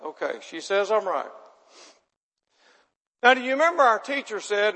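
Man, high-pitched, folksy preacher who keeps quizzing the congregation, reverb-heavy hall. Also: very animated, normal speed, long pauses, pushed and bright. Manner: chatty, asks the audience questions, self-deprecating. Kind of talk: folksy sermon with audience banter.

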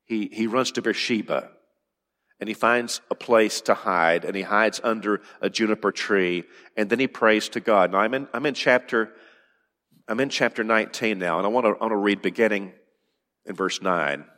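A man's voice: fairly low pitch, moderate pace, pushed and bright, in a large hall. A man preaching a sermon with earnest emphasis, often repeating words and dropping to a near-whisper for effect. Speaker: pastor.

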